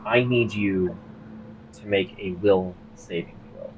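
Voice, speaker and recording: A man narrating as game master of a tabletop game, halting with many fillers and restarts. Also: sits low, slight background noise, rough recording.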